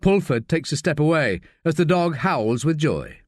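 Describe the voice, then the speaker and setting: A man narrating a crime audiobook in an expressive, measured way. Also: on the high side, no echo, studio quality.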